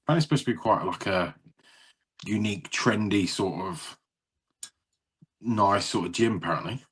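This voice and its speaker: A podcast co-host with a lowish, husky, somewhat bright voice chats casually at a moderate pace. He teases his friend in playful back-and-forth and greets with a sing-song lilt.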